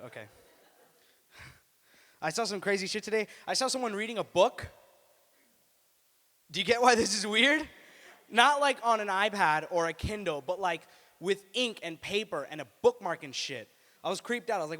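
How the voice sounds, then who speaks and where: A man's voice: a little high, lively intonation, a little fast, bright, forceful tone. A man in his twenties doing stand-up at an open mic, offhand and profane with lots of filler words. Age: 20s. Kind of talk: stand-up comedy. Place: small indoor student venue. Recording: live room with long reverb.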